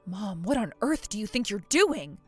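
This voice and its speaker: A woman voicing a calm, put-upon daughter-in-law in a voiced story drama, patient but exasperated. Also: medium pitch, normal speed, slightly rough, dry recording, faint music behind.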